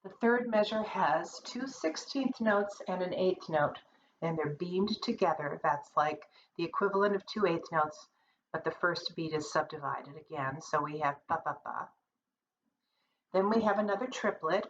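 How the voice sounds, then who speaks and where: Woman teaching music, counts and sings out beats, lowish voice, kinda dull lo-fi audio w faint hiss. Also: moderate pace. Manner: self-correcting, plain-spoken. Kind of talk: recorded music lesson.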